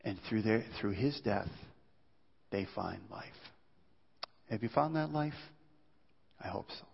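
A man preaching a sermon as pastor, earnest and pleading, often dropping to a hushed low voice. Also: expressive, a little slow, gravelly, breathy edge. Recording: dull sound in a reverberant hall.

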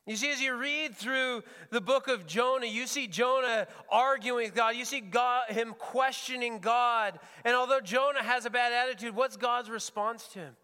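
A man's voice: very high voice, moderate pace, hardly any pauses, pushed and bright, clean tone, in a large hall. A man preaching as a pastor, earnest and often repeating words as he searches for the phrasing. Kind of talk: sermon. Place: church sanctuary.

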